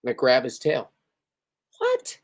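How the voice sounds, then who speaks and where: A man's voice: medium pitch, moderate pace. Tipsy, cussing man rambling on a livestream. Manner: rambling, profane, boastful. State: tipsy after beers and an edible. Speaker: livestreaming spearfisherman. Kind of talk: casual livestream chat.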